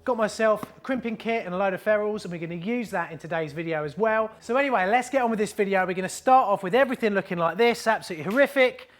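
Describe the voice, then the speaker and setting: A man's voice: high-pitched, fast talker, hardly any pauses, a bit bright. A man hosting a plumbing tutorial, talking in an upbeat, chatty, matey way while showing his work. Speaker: plumber host. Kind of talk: casual how-to tutorial.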